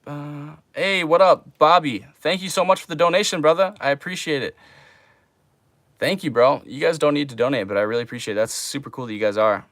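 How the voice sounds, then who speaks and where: A man's voice: a little high, brisk, a bit bright, no room sound, studio quality. A young man chatting casually on a livestream, laid-back and drawling, calling people man and bro.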